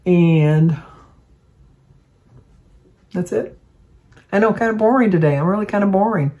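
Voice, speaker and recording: A woman's voice: medium pitch, a little slow, warm tone, lo-fi sound. An older woman, chatting at home to the camera in a rambling, meandering way full of asides. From Michigan. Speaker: vlogger. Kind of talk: casual chat to camera.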